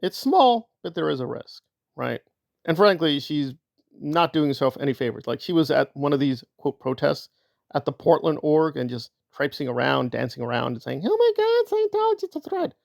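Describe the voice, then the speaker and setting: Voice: mid-range voice, normal speed, gravelly, dry recording, studio quality. A commentator giving opinion commentary in a sarcastic, argumentative way.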